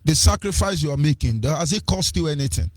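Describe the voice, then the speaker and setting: Nigerian male radio host, high-pitched, preachy sing-song rant, dry close sound. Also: lively intonation, a little fast, no room sound. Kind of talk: ranting radio commentary.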